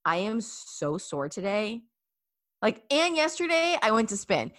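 A young woman in her twenties telling a story in casual chat, animated and full of fillers. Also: mid-range voice, a little slow.

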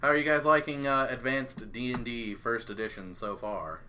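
A man's voice: medium pitch, moderate pace, bright, forceful tone, a little hiss or hum. A man acting as game master in a casual tabletop game, narrating rolls with easy chuckles.

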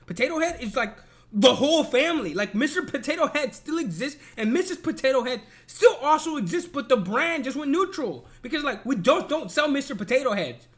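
High-voiced, exasperated man ranting. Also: sing-song, fairly quick. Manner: profane, exasperated, emphatic. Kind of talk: casual ranting commentary.

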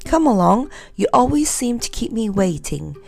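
A stern aunt with a short temper, snapping and scolding in a raised, sharp voice, put on by a woman reading a storybook aloud. A gravelly edge runs under her lines. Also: medium pitch, big pitch swings, measured pace. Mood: impatient.

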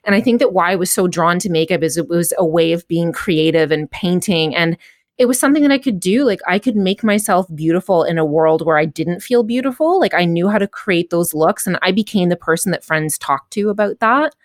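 A woman's voice: fairly low pitch, lively intonation, a little fast, no room sound, studio quality. A woman hosting a podcast, chatting candidly and with self-mocking humor, with casual swearing. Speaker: podcast host. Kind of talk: casual chat.

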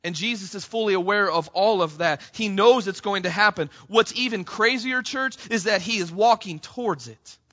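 High bright-voiced man preaching. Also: normal speed, few pauses, lo-fi sound. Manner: impassioned, rising to near shouts on quoted cries; addresses congregation as "church", frequent "right?". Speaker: pastor. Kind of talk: sermon.

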